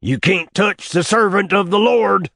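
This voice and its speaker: A man's voice: lowish voice, big pitch swings, a little slow, a bit bright, slightly rough, no room sound, clean studio sound, heavily acted. A man voicing a fierce old backwoods prophet in his eighties who hollers with zeal in a rural drawl. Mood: zealous, shouting.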